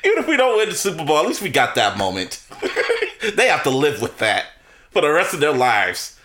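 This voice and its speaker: A man co-hosting a podcast, telling sports stories in casual chat, laughing often and getting excited. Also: a little high, fairly quick. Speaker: podcast co-host.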